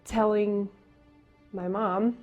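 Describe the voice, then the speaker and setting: A young woman giving a personal testimony, speaking in a halting, emotional way with pauses and restarts. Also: mid-range voice, flat delivery, a little mellow. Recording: dull lo-fi sound with faint music.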